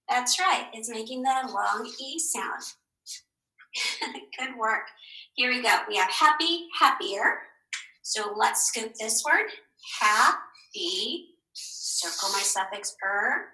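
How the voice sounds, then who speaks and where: Bright, slow-talking woman teacher. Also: high-pitched. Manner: slow, encouraging, asks questions and answers them herself. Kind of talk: recorded phonics lesson for young children. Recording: echoey room.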